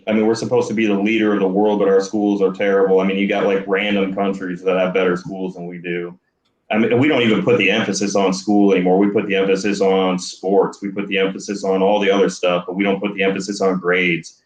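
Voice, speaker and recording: Man, panelist, rambling, hesitant restarts, low-ish voice, echoey room. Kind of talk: casual debate. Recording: roomy echo.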